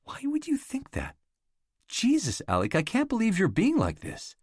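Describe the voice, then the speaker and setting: A man's voice: low-pitched, normal speed, darkish tone, dry recording, clean studio sound. A man reading the part of a hurt, defensive young woman in an audiobook. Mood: upset.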